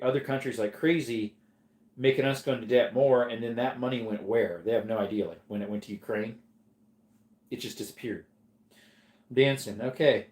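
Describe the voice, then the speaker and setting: A man's voice: mid-range voice, darkish tone. Male streamer, casual and chatty, reading chat from home; reverberant room sound. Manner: laid-back, chatty, answers viewer comments. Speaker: livestream host reading chat. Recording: echoey room.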